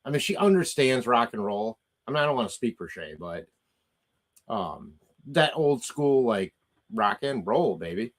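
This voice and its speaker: A man's voice: mid-range voice, sing-song, moderate pace. A middle-aged man hosting a livestream, reading chat comments aloud and ranting casually with profanity and frequent laughter.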